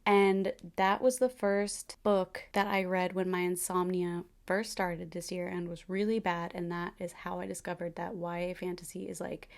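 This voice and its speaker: A woman in a casual, animated chat to camera as a book reviewer, gushing over her favourite reads. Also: fairly low pitch.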